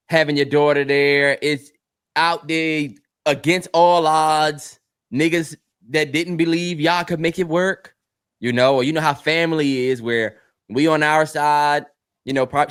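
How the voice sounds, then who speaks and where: A man co-hosting a podcast in casual chat, animated and heartfelt, swearing freely and getting teary. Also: fairly high pitch, clear, resonant tone. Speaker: podcast co-host.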